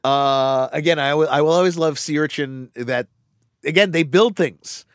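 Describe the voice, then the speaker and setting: A man chatting casually as a podcast co-host, telling stories with animated bursts and fillers. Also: clear, resonant tone, no echo, studio quality. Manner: animated storyteller, quick bursts, drops into low voices for quoted characters. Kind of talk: casual chat.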